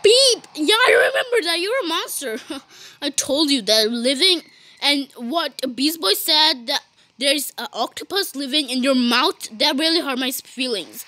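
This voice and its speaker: A woman's voice: high-pitched, animated, measured pace, sharp tone, dry recording. A woman giving playful gameplay commentary, bantering with cartoon characters, giggling and saying "beep" in place of swear words. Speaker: gaming YouTuber.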